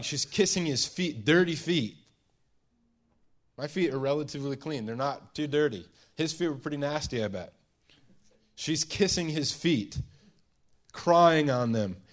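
A man preaching a sermon, retelling a scene with hushed and emphatic turns and many restarts. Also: on the high side. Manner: storytelling, dramatizing a scene with voiced quotes; pauses and restarts, shifts between hushed and emphatic.

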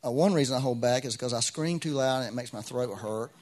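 A man's voice: mid-range voice, fairly quick, darkish tone. A middle-aged man preaching a sermon as pastor, in a conversational way with frequent restarts and rising bursts of emphasis.

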